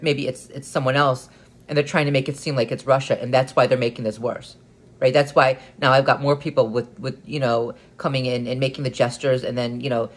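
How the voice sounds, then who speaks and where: A man giving an earnest solo monologue as a vlogger, often stumbling and repeating words as he restarts his sentences, and getting more emphatic as he goes on. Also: mid-range voice.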